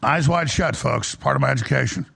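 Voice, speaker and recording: This male radio talk show host speaks quickly in a gravelly, husky voice with a slightly bright edge, his pitch swinging up and down. The monologue he delivers is passionate and preachy.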